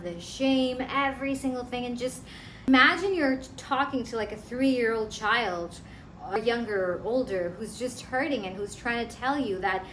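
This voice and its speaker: A woman's voice: medium pitch, fairly bright tone, a little hiss or hum. Earnest woman coach in an echoey room. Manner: earnest, conversational, repeats herself. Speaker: self-help coach. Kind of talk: instructional talk to camera. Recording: echoey room with faint ambience.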